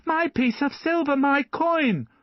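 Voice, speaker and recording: A man's voice: extremely high pitch, animated, measured pace, no echo, lo-fi sound, pitched above the performer's own voice. A man voicing a poor ten-year-old chimney-sweep boy who pleads and cries out for his coin, in an audiobook. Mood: desperate. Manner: pleading, then crying out shrilly.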